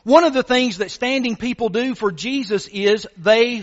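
Guy preaching a sermon, high voice, pushes hard on his points, muffled and echoey. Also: unhurried, hardly any pauses. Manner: emphatic, rhetorical questions to the congregation. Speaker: pastor.

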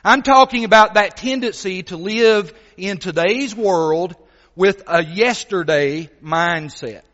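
A man preaching a sermon as a visiting gospel preacher, earnest and animated as he tells a story, with many fillers. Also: high voice. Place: church hall. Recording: dull sound, long church reverb.

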